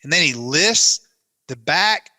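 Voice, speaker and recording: Man with a bright, tense voice. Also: fairly high pitch, slow pace, no echo. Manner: animated, breaks into laughter often. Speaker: guest storyteller. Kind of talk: casual podcast storytelling.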